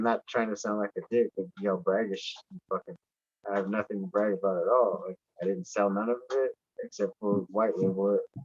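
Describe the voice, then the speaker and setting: A man's voice: fairly low pitch, husky, no echo. A man chatting casually as a podcast guest, telling stories in a rambling, heavily profane, emphatic way. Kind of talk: casual chat. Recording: dull lo-fi dry sound.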